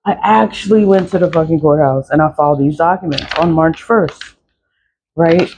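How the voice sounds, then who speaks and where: A woman's voice: deep voice, normal speed, darkish tone, a little hiss or hum. Blunt, swearing woman ranting to camera. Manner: frustrated, blunt, swears freely. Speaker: litigant talking to camera. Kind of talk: casual rant to camera.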